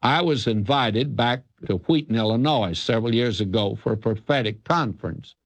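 A man's voice: medium pitch, moderate pace, dry recording. An older man from the South, a radio Bible teacher answering a listener's question in an earnest, emphatic, folksy preacher's cadence. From American South.

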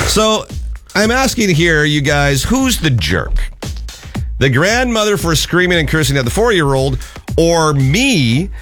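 A man's voice: a little high, big pitch swings, measured pace, fairly bright tone, faint music behind. A man co-hosting a radio morning show, chatting casually and reading a listener's email aloud with plenty of emphasis.

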